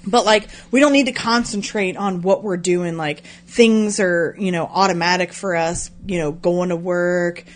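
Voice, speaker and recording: A woman's voice: on the low side, a little slow, hardly any pauses. A woman in her thirties co-hosting a podcast, chatting casually, swearing a lot and laughing at herself. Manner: profane, self-mocking, laughs often. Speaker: podcast co-host. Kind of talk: casual chat.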